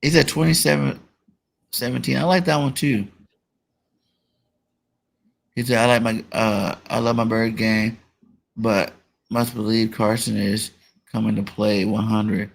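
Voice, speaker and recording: A man hosting a casual sports talk show, relaxed and full of "you know" fillers. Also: lowish voice, a little slow, creaky, pauses often. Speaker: podcast host.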